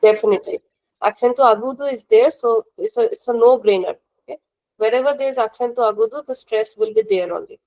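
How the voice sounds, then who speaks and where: A woman teaches an online class in a slightly raised voice. She is patient and methodical, going over each rule again and asking students whether it is clear. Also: a little high, fast talker, a little mellow, rough recording. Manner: patient, repeats rules and checks understanding. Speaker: language teacher. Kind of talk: live online class instruction.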